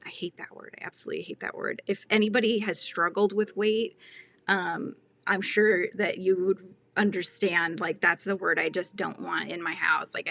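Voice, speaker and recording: Bright-voiced chatty woman crocheting live. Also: on the low side, creaky. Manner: chatty, laughs often, talks to live chat. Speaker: crochet channel host. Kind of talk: casual livestream chat while crocheting.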